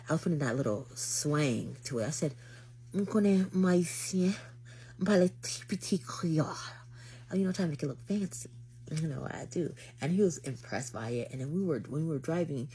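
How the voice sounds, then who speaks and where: Low-voiced young woman telling a story. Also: a little hiss or hum. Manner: dramatic, acts out quotes, lively retelling. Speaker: vlogger telling a dating story. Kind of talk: animated storytelling to camera.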